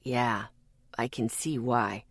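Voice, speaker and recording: Woman voicing a grave young man, very low and hushed. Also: fairly even intonation, slow, breathy edge, dry recording, clean studio sound, heavily acted. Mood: grave quiet.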